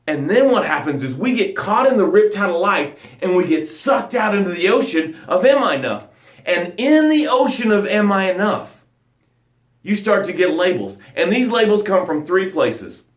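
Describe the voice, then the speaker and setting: A male motivational coach on a live broadcast, his pitch running a little high and swinging widely as he talks. He acts out little quoted voices as he goes. The sound is roomy, with a clear echo around him. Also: big pitch swings, normal speed.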